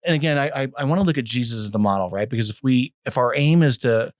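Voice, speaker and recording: A man hosting a podcast, talking in a measured, teaching way and citing scripture. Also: medium pitch, dry recording, studio quality. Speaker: podcast host. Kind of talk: podcast conversation with scripture references.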